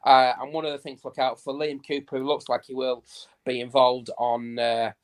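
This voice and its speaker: A man's voice: mid-range voice, flat delivery, a little fast. Chatty man reeling off stats. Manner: reels off statistics in a chatty, easygoing way. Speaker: stats guest. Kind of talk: casual podcast chat.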